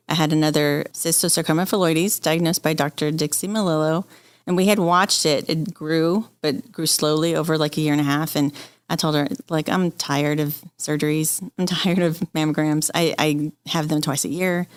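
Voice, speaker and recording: Low-voiced woman telling her story. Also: clear, resonant tone, dry recording. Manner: candid, open, quotes people she talks to. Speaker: interview guest. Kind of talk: emotional personal story.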